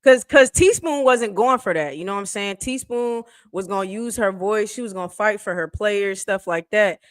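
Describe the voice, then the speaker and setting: A woman co-hosting a casual live sports talk stream, animated and teasing, laughing often. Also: mid-range voice, normal speed, no room sound, clean studio sound. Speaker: sports talk show co-host.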